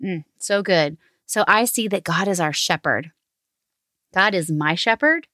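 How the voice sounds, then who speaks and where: A woman in her thirties hosting a family prayer and meditation time, speaking slowly and encouragingly to her son. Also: lowish voice, pushed and bright, no echo, clean studio sound. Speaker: host of family devotional. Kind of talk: gentle guided family devotional.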